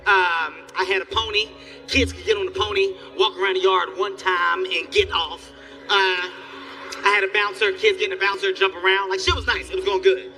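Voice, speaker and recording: A man doing a stand-up comedy set, telling animated stories and acting out the people in them. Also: sits high, normal speed, far from the mic, soft background music. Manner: animated storytelling, acts out characters, yelling bits. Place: theater stage before a live audience.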